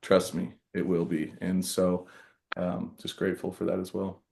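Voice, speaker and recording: A man's voice: low voice, completely flat delivery, normal speed, vocal fry, a little mellow, slight background noise. A man co-hosting a podcast, speaking in an earnest, reflective way and sounding grateful. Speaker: podcast co-host. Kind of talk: casual conversation.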